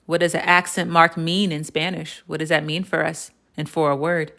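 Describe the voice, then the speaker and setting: An American woman with a fairly low voice runs a live Spanish lesson online. She talks casually, quizzes her viewers and praises their answers. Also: level tone, moderate pace, creaky, a bit bright. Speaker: Spanish teacher.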